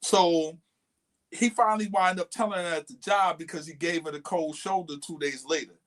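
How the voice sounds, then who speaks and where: A man's voice: on the high side, fairly even intonation, normal speed, fairly bright tone. A man co-hosting a podcast, casually and animatedly retelling a friend's dating story with quoted lines. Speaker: podcast co-host.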